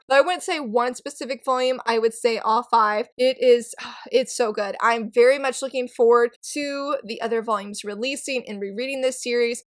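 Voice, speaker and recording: A young woman chatting casually in a reading wrap-up, gushing over manga with quick asides and exclamations. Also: a little high. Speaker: book reviewer. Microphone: recording on an iPad.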